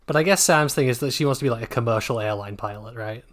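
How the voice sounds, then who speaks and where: A man co-hosting a casual book podcast, making sarcastic deadpan jokes and swearing casually. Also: medium pitch, quick pace. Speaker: podcast co-host. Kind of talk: casual book-discussion chat.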